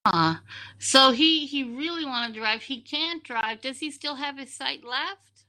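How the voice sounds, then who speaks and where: A woman hosts a casual podcast interview, asking questions in a chatty way and often repeating words as she starts them. Her voice is bright and edged, and it sits fairly high. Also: animated, measured pace. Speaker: podcast host.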